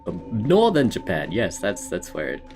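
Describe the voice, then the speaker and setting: A man's voice: deep voice, wildly swooping pitch, normal speed, a little mellow, soft background music. Chatty man streaming a horror game. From United States. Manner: chatty, laughs often, talks to himself and chat. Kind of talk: casual gameplay commentary.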